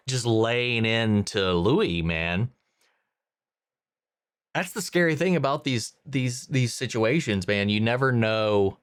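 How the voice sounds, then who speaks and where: Profane, emphatic man reacting to a show. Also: fairly low pitch. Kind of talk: casual reaction commentary.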